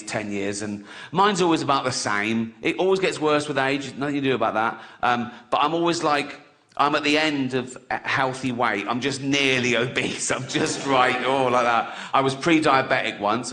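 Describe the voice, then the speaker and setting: A man's voice: mid-range voice, sharp tone, reverberant. A man, performing a crude stand-up routine and laughing through his own punchlines. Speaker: stand-up comedian.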